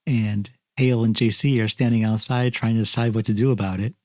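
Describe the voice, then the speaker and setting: A man's voice: lowish voice, fairly even intonation, brisk, no room sound. Matter-of-fact man podcaster, dry voice. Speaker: podcast co-host. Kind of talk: casual film review chat.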